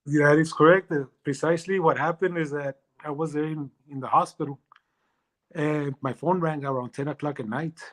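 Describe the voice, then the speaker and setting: A man as an interview guest, telling a personal story in a halting way with many restarts. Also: fairly high pitch, fairly even intonation, a bit bright, rough recording.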